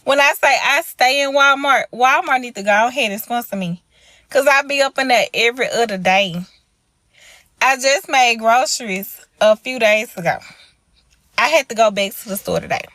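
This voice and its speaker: Woman, bright and chatty, joking tone, dry sound. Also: on the high side, moderate pace, dry recording, poor audio. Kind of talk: casual social media talk.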